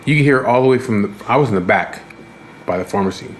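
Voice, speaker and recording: Speaking fast in a fairly low voice, a fed-up, tired vlogger recounts his day in a casual, rambling, profane way with lots of restarts. A little hiss or hum sits under the recording.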